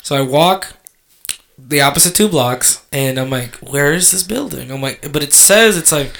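A man telling a long story in casual chat, animated and profane, acting out the lines he quotes. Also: medium pitch, normal speed. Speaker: podcast co-host telling a story.

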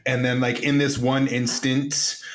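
A man's voice: medium pitch, little pitch movement, a little slow. Man making dry jokes in a chat. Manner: dry joking remarks. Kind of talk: casual chat.

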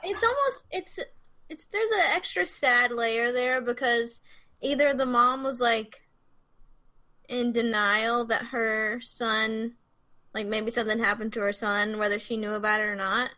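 A woman's voice: fairly high pitch, unhurried, bright, forceful tone, poor audio. A young adult woman co-hosting a casual true-crime podcast, rambling with lots of fillers. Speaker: podcast co-host.

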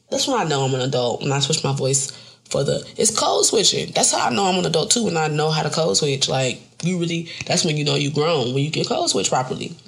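A mother giving a casual comedic monologue to camera, animated and full of profanity. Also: fast talker, creaky. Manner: animated and profane, with frequent jumps up in pitch for emphasis. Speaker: mother and vlogger.

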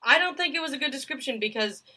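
A woman on a video call argues a point about a book, jumping in to push back. Her voice sounds bright and sits a little high. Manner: animated, joking, quick to argue. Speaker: podcast co-host. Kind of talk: casual chat about a book.

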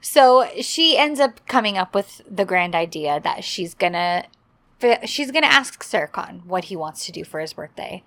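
A woman's voice: mid-range voice, lively intonation, normal speed, fairly bright tone. A woman co-hosting a casual chat, animatedly retelling scenes and acting out the characters' lines. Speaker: podcast co-host recapping a drama.

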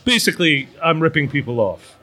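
A smooth-talking British swindler, as a man puts him on for a live tabletop game. The voice is bright and slightly high, glib and self-assured. He sounds pleased with every scheme. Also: big pitch swings, a little fast, heavily acted. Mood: smug. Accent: put-on British. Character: male con man thief, smug swindler.

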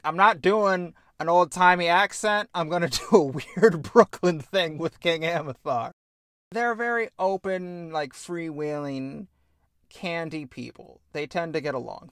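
A man's voice: medium pitch, fairly bright tone, no room sound, clean studio sound. A man hosting a podcast, explaining at length in a casual, enthusiastic way and often correcting himself mid-sentence. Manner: rambling, enthusiastic, self-correcting. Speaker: podcast host.

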